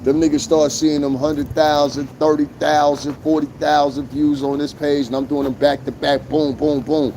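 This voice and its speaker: A man's voice: on the high side, little pitch movement, moderate pace, few pauses, a little mellow, a little hiss or hum. A man ranting on a live stream, blunt and profane, repeating his points for emphasis. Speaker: YouTube streamer. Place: outdoors on a lawn.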